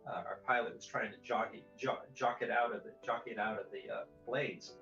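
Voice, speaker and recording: A man recounting a personal experience as a news interview guest, telling it in a measured way with frequent hesitations. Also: fairly low pitch, fairly even intonation, creaky, bright, forceful tone, soft background music. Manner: measured storytelling with many fillers and restarts. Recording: dull, roomy broadcast audio.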